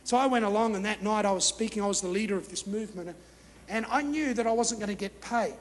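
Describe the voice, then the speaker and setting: A middle-aged man preaching a storytelling sermon, animated and acting out his own thoughts. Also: sits high, quick pace. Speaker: guest pastor. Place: church hall. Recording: live reverberant hall, faint noise.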